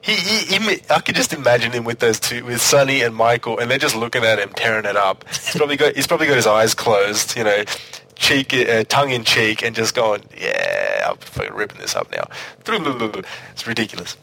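A man's voice: mid-range voice, brisk, bright, forceful tone, rough recording. A man hosting a casual music review chat, enthusiastic and full of restarts. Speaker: podcast host.

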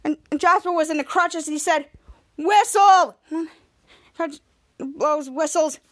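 A woman's voice: sits high, fairly even intonation, moderate pace. A woman hosting a podcast, casually recapping a TV episode and acting out the characters' lines as she goes. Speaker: podcast host.

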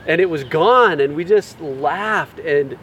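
A man earnestly sharing a personal faith testimony in a reflective, soft-spoken way. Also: a little high, slow pace, far from the mic, muffled recording, slight background noise.

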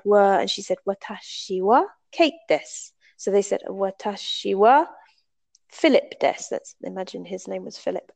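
A woman's voice: medium pitch, gravelly, a little mellow. A woman from the United Kingdom, telling a story in a casual, conversational way and explaining step by step with the odd um. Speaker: storyteller recalling a language class.

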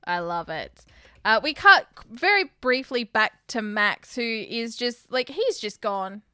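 A woman's voice: fairly high pitch, big pitch swings, measured pace, sharp tone, clean tone, dry recording, studio quality. A woman, casually recapping a film as a podcast co-host, chatty and agreeable.

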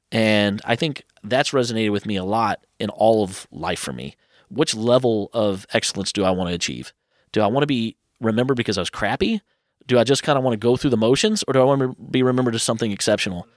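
A man in his thirties, a guest telling personal stories in a lively, casual way, acting out what others said. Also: lowish voice, no echo, studio quality. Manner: animated, quotes others in quick asides. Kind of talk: casual storytelling.

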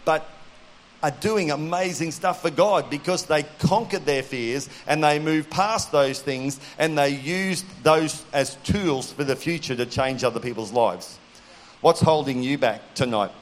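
Earnest preacher, slightly high. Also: male voice. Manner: earnest, storytelling, direct to the audience. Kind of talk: sermon.

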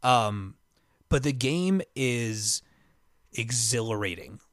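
Guy rambling excitedly in casual chat, says like a lot, dry sound. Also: mid-range voice, slow, smooth, dry recording. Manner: excitable, rambling storyteller full of "like".

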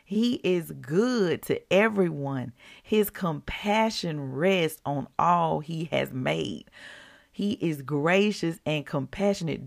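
A woman hosting a devotional podcast, talking conversationally to her listeners and reading scripture slowly and deliberately. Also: low-pitched, gravelly.

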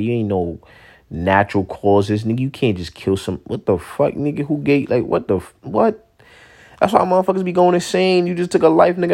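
A young man in a casual, profane monologue, rambling and blunt, swinging between loud outbursts and low mutters. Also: gravelly.

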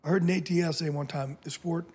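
Man, 50s, slightly high voice, husky, blunt and profane, animated interview storytelling. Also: moderate pace. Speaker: podcast guest.

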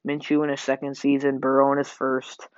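A man's voice: medium pitch, monotone, fairly quick, no echo. A man hosting a sports podcast, rambling through game predictions with lots of fillers and self-corrections. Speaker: podcast host. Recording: dull lo-fi home mic.

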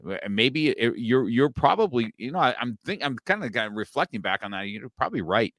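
A man's voice: mid-range voice, big pitch swings, a little fast, a bit bright, no echo, studio quality. A male podcast host in casual chat, joking, laughing often and tacking "right?" and "man" onto his lines.

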